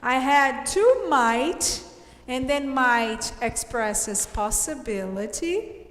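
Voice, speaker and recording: A woman English teacher from Brazil reviewing a class quiz, explaining slowly and cheering her students on. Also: high voice, expressive. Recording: echoey room with long reverb.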